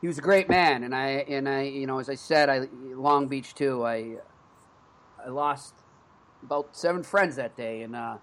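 A Boston-accented man in his thirties talks as a sports podcast host, his voice sitting at an ordinary middle pitch. He tells his stories in an earnest, conversational manner. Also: normal speed. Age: 30s.

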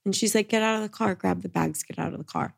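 Fast and gravelly, this woman's mid-range voice carries a long, animated story as she co-hosts a podcast. Chatting casually, she quotes everybody using "he's like" and "she's like".

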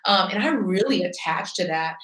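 A woman's voice: mid-range voice, expressive, moderate pace, fairly bright tone, recorded from a distance. A woman pastor, a guest, telling her own story frankly and earnestly in a conversational way. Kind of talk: candid personal storytelling. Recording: echoey room, voice set back from the mic.

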